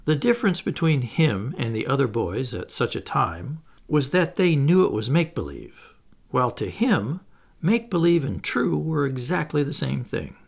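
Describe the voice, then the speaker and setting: A man reading a children's story aloud in a gentle, expressive narration. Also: mid-range voice, moderate pace, vocal fry, slightly rough. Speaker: audiobook narrator.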